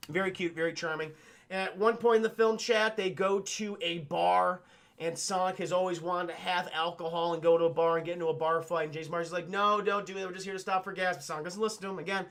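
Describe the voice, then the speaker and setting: A man with a high, bright voice talks through a film recap in a loose, rambling way. He swears offhandedly and keeps turning to address his chat, full of fillers and restarts. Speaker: film reviewer streaming to chat. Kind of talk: casual livestream commentary.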